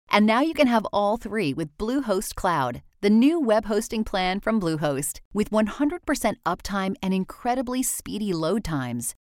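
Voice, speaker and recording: A woman reading a scripted ad with an upbeat sales pitch. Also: dry recording, clean studio sound. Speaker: ad announcer. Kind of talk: scripted ad read.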